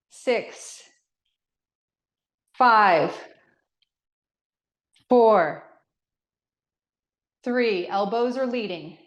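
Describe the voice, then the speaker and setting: A middle-aged woman leading a guided workout class, counting reps and giving step-by-step movement cues. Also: mid-range voice. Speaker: fitness instructor. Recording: echoey room.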